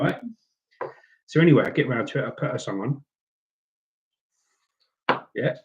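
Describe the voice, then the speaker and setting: A middle-aged man with a British accent telling a story to the camera in a relaxed, chatty way. His voice sits at a middle pitch for a man, and he acts out what other people said with animated voices. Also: brisk, long pauses, low-quality recording. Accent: British English.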